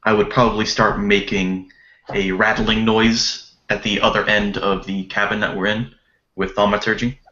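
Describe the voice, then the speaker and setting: A man's voice: fairly low pitch, little pitch movement, normal speed, pushed and bright. A man playing a tabletop game, describing his move in a laid-back way over a video call. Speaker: player. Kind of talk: casual tabletop game play. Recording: roomy, dull call audio with faint noise.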